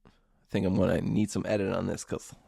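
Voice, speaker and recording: A man's voice: low voice, little pitch movement, quick pace, gravelly, dark tone, husky. A young man hosting a solo podcast, telling stories in a rambling, casual way, swearing freely and laughing often. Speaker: podcast host.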